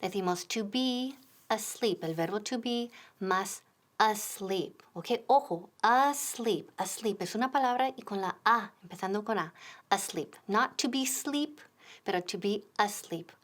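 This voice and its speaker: A woman explaining English phrases, slowing down to model them clearly. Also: mid-range voice, fairly bright tone. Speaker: English teacher presenter. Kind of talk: bilingual lesson explanation.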